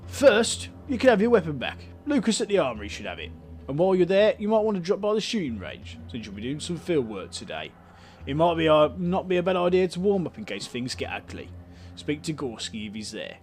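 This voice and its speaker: Cockney game councillor, big bearded man, calm and welcoming, lively up-and-down delivery, put on by a male player reading dialogue. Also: fairly high pitch, a little fast, faint music behind, voice pushed up.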